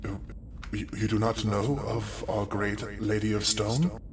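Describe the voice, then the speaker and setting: A man voicing a huge talkative male ooze with a humanoid face, speaking slowly and eagerly as a telepathic storyteller. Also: lowish voice, fairly even intonation, crowd noise, pitched below the performer's own voice. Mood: curious.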